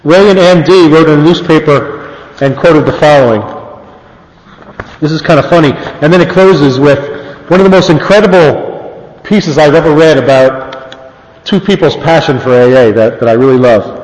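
Man, slightly high voice, speaker reading clippings to a room, casual fillers, roomy reverberant hall sound. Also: moderate pace, long pauses, darkish tone. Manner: plain reading with fillers and amused asides. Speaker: speaker on early AA history. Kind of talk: talk reading aloud from old newspapers. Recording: echoey hall with long reverb.

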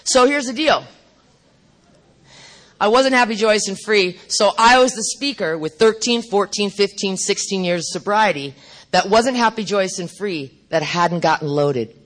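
A middle-aged woman speaking at a recovery meeting, telling her story bluntly and profanely with animated asides. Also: mid-range voice, unhurried.

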